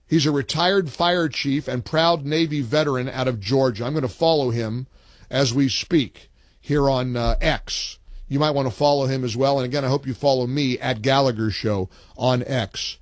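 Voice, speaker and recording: A man's voice: medium pitch, measured pace, no echo, clean studio sound. A man hosting a talk radio show, speaking emphatically and taking calls. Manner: emphatic, reads listener posts aloud with punchy delivery.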